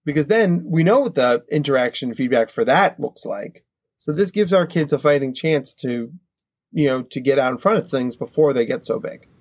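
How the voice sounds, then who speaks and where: A man in his thirties, a psychologist guest, explaining in an animated, conversational way and often checking in with "right?". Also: mid-range voice, normal speed. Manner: animated, acts out kids' voices, frequent "right?".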